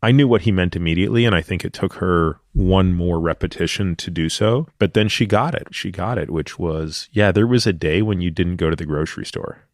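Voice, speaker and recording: A man's voice: sits low, a little fast, hardly any pauses, no echo, studio quality. A man hosting a podcast, telling a personal story in a thoughtful, reflective way. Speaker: podcast host. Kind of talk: casual interview chat.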